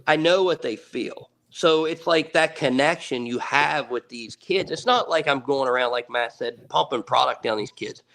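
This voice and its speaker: A man's voice: medium pitch, moderate pace, gravelly, hardly any pauses, fairly bright tone. Earnest, rambling man in his thirties. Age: 30s. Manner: earnest, repeats words, swears casually. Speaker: podcast guest, ATV racer. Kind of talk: casual storytelling.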